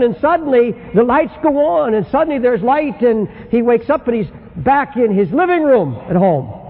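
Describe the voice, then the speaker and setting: A man preaching a fiery sermon, telling a story and acting out its people, swinging from shouts to hushed warnings. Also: very high voice, husky. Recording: lo-fi recording in a reverberant hall.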